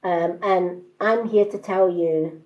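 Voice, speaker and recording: A woman in her fifties with a mixed British accent, giving a card reading on a live stream in an unhurried, hesitant, reassuring way with many ums. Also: on the low side, steady tone, darkish tone, lo-fi sound. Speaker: tarot card reader.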